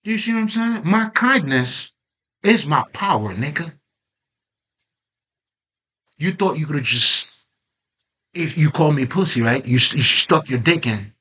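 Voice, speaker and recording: A man's voice: fairly high pitch, lively intonation, unhurried, long pauses, pushed and bright, breathy edge. A man giving a casual, emphatic spoken monologue on personal growth, full of swearing and rhetorical questions. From Haitian background. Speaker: self-growth vlogger.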